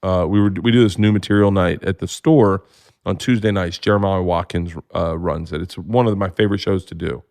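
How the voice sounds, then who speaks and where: Comedian guest, man in his 40s, low voice, loose animated storyteller. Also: fairly quick. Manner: animated storyteller, jumps to high excited voices when acting out scenes. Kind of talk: casual storytelling.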